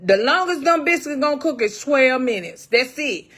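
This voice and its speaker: A woman's voice: high-pitched, expressive, normal speed, a bit bright. A middle-aged woman hosting a casual cooking livestream, folksy and salty, calling her viewers baby and honey.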